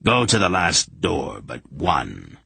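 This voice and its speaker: A man's voice: deep voice, wildly swooping pitch, slow, vocal fry, bright, forceful tone, slightly rough, heavily acted. A man reading an audiobook, voicing a harsh, suspicious masked priest who questions strangers. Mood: instructing. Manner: harsh, demanding.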